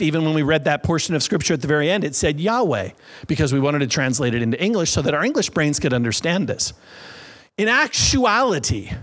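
Man, pastor, sermon, fairly high pitch, animated, acts out voices and breaths.

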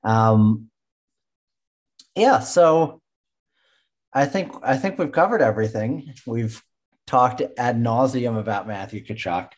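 A man's voice: mid-range voice, slow pace, long pauses. A man co-hosting a casual sports podcast, talking in a laid-back way with lots of fillers and sounding tired. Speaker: podcast co-host.

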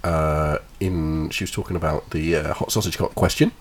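A low-voiced man in his thirties with a Suffolk English accent chats on a relaxed comedy podcast. He rambles through fillers and restarts, giggling along as he goes. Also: normal speed. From England. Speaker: podcast co-host. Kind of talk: casual comedy podcast chat.

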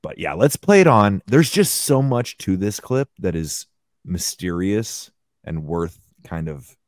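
A man hosting a casual podcast panel discussion, musing and hedging, trailing off softly at the ends of his thoughts. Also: deep voice, very animated, measured pace, no room sound, studio quality. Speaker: podcast host.

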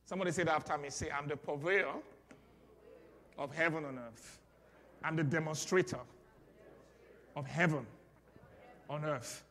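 A man with a Nigerian accent preaching a sermon, leading call-and-response and building to loud exclamations. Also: fairly high pitch, normal speed, long pauses. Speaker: pastor. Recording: long hall reverb.

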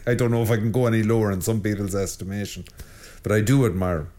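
A middle-aged man, a priest hosting his own show, giving an informal spiritual talk in an animated, joking way with frequent restarts and stammers. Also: lowish voice, quick pace.

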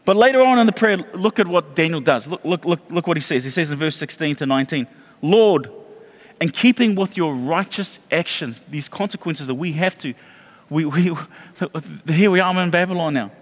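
A man preaching a sermon as pastor, animated, repeating himself and restarting phrases. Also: a little high, brisk, long reverb tail.

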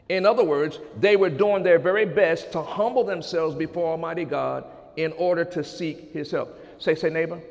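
High gravelly preacher in a reverberant hall. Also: male voice, moderate pace, hardly any pauses. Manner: fervent, repeats phrases, swings from loud to hushed. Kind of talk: sermon with scripture reading.

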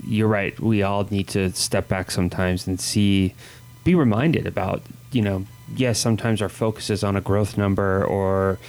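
Male interview host, 40s, gravelly and low, halting delivery. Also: fairly even intonation, a little mellow. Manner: halting, repeats words, upbeat when introducing segments. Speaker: podcast host. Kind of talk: interview chat.

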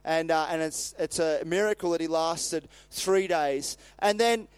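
High-voiced man retelling a Bible story. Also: measured pace, clear, resonant tone, dry recording. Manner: animated, acts out voices with laughs and asides. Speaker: preacher. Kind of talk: casual Bible storytelling sermon.

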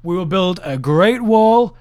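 A bombastic male politician bragging in big superlatives, as a man puts him on. He talks slowly, higher and louder than plain talk, leaning hard on every boast. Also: expressive, smooth, no echo. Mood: boastful.

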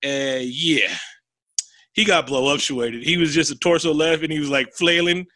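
This man's voice sits a little high and moves at a moderate pace with no echo. Chatting casually, he animatedly recounts a movie scene, performs the quotes, curses, and laughs a lot.

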